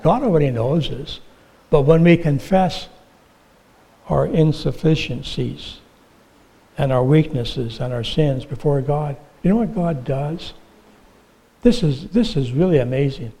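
A man preaching a sermon, telling illustrative stories and asking the congregation questions, with frequent "uh" pauses. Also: on the high side, animated, creaky, warm tone, low-quality recording. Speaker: pastor.

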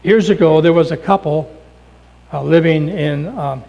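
A man preacher telling a story in a sermon, dropping his voice low for emphasis. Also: unhurried, creaky, highs cut off.

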